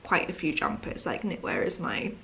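A woman's voice: low voice, big pitch swings, normal speed, gravelly, fairly bright tone, slight background noise. A woman talking casually to her camera at home in the evening, sleepy and yawning, rambling with lots of fillers and apologies. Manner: rambling, chatty, apologetic, many "um"s and "like"s. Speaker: vlogger.

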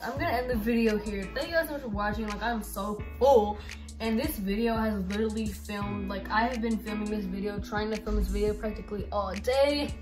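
A woman's voice: medium pitch, fairly quick, recorded from a distance, over music. A woman vlogging casually about her phone, chatty and rambling, with lots of "like" and "y'all". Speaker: YouTuber. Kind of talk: casual vlog phone walkthrough. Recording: roomy echo.

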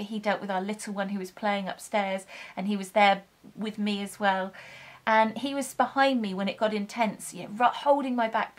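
A young woman telling a personal story in an earnest, gentle way. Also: a little high. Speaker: vlogger telling her birth story.

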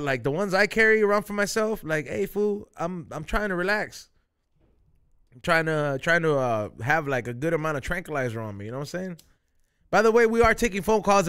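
A man's voice: on the high side, fairly bright tone, clear, resonant tone. Profane, slangy young man telling stories. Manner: loose, profane, slangy storytelling with Spanish phrases. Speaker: podcast host. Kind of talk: casual storytelling chat.

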